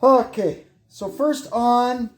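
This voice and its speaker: Working in his garage, a man casually walks through a brake lathe repair step by step, thinking aloud and halting with fillers. His voice is very high-pitched, recorded on a phone camera propped nearby, with soft background music.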